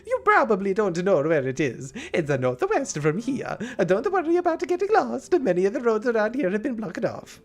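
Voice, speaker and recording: A man's voice: high-pitched, wildly swooping pitch, normal speed, few pauses, soft background music, voice pushed up, full character voice. A man putting on an exaggerated Italian accent to read out a note from a cheery middle-aged uncle who directs films. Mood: cheerful. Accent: put-on Italian. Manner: exaggerated, sing-song, bubbly. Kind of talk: reading a game note aloud in character.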